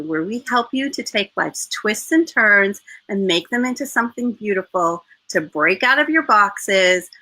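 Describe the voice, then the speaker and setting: Brief: enthusiastic woman podcast host, bright forceful tone. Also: medium pitch, rough recording. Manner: upbeat, enthusiastic. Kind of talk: live interview. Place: New Zealand.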